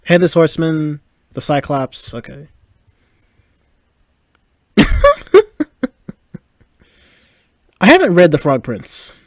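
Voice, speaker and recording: On this podcast, a man in his twenties gives chatty, laugh-filled, filler-heavy movie commentary. His voice runs on the high side with lively intonation and a moderate pace, recorded at studio quality without room sound.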